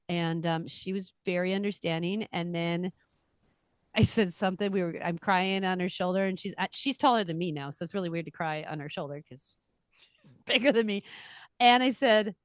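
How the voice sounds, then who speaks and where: A middle-aged woman chatting on a podcast, telling a story with lively swings in her voice and playing the parts of the people in it. Her voice sounds close and dry, with no room around it. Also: lowish voice, moderate pace, smooth, dry recording. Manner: animated storytelling, acts out quoted voices. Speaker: podcast co-host. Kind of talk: casual chat.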